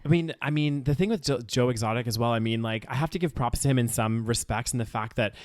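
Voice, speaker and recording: A man's voice: mid-range voice, fast, no echo, clean studio sound. A man co-hosting a podcast in casual chat, rambling and agreeable with lots of fillers. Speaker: podcast co-host.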